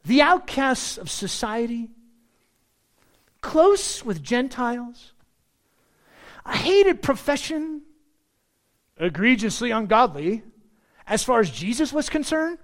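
A male pastor preaching a sermon, with animated delivery and joking asides to the congregation. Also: very high-pitched, slow pace, long pauses.

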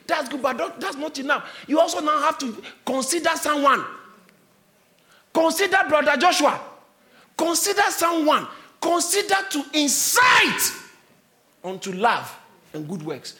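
A man preaches to his church in a strikingly high, bright voice. He spells words out and explains them, and he rises into shouts and laughter as he presses his point. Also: lively intonation, unhurried. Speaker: pastor. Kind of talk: sermon.

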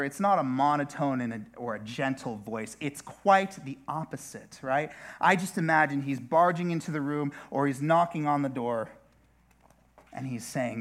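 A man's voice: medium pitch, normal speed, fairly bright tone. A man preaching a sermon as a pastor, speaking conversationally with frequent restarts and asides.

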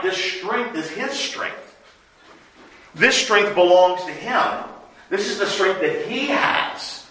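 A man preaching a sermon, earnest, rising to loud emphasis and dropping to hushed lines. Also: high voice, animated, slow, reverberant, slight background noise, rough recording. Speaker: pastor.

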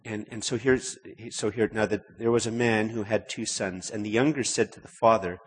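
A man's voice: fairly low pitch, steady tone, moderate pace, few pauses, breathy edge. A man preaching a sermon in a conversational way, often repeating words and rising to emphatic stretches. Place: church. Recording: long hall reverb.

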